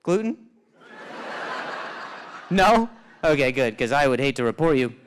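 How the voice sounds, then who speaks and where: A man's voice: medium pitch, big pitch swings, a little slow, slight background noise, rough recording. A man doing stand-up crowd work on a club stage, riffing playfully with mock exasperation and stammered restarts. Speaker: stand-up comedian. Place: comedy club stage with live audience.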